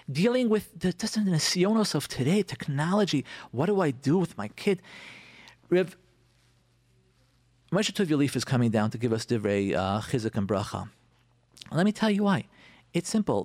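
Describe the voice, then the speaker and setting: A man's voice: fairly high pitch, dry recording. A man hosting a radio talk show, enthusiastically promoting an event with repeated phrases and Hebrew expressions. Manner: animated, repetitive, sprinkled with Hebrew phrases. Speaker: radio host.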